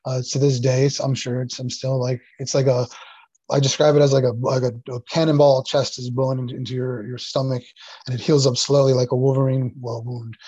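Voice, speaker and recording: A man speaks in a husky, breathy voice, stumbling through restarts and fillers as he holds back tears. His voice comes through a dry, slightly dull lo-fi recording, as on a video call. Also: mid-range voice, level tone, fairly quick, dark tone, dry recording. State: near tears. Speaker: interview guest, sound healer. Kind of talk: emotional personal story in casual conversation.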